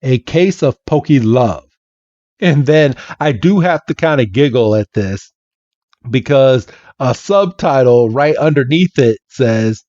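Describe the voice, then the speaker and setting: A male podcast host chatting casually about a comic, unhurried and amused. His pitch moves a lot as he tells the story. The sound is dry and a bit dull. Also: no room sound. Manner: amused, relaxed storytelling with many "and he's like". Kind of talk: casual chat recapping a comic.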